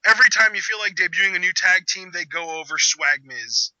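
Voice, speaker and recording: A man hosting a casual live reaction chat, with sarcastic, quick banter. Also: high voice, animated, pushed and bright, no room sound. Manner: sarcastic, fast-talking banter. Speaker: channel host. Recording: dull lo-fi audio.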